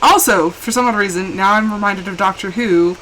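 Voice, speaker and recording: A woman chatting casually while live-streaming a game, rambling and quick to laugh, switching between hushed asides and excited bursts. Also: mid-range voice, a little hiss or hum, low-quality recording.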